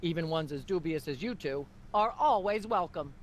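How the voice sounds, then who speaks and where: A woman's voice: lowish voice, animated, normal speed, a little hiss or hum, natural voice. An actress voicing a smarmy female talk-show host in a cartoon adventure game, affected and condescending. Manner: affected, condescending, calls guests dear.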